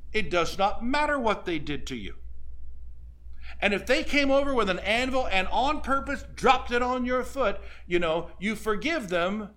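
Male pastor, high for a man, folksy sermon storyteller. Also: fairly bright tone. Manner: folksy storytelling, asks the audience questions.

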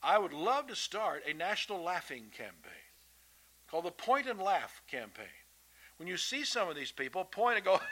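A man delivers a sermon in a folksy, emphatic way, repeating himself as he makes his points. His voice sits a little high and sounds very bright and sharp. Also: sing-song, moderate pace, low-quality recording. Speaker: preacher. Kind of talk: sermon to children and adults.

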